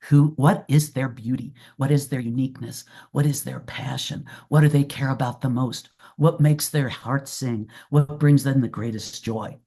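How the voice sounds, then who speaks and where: A woman's voice: very deep voice, steady tone, moderate pace, hardly any pauses, dark tone. A woman giving an earnest, reflective talk as a guest presenter, repeating her key phrases for emphasis. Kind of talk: webinar talk and Q&A.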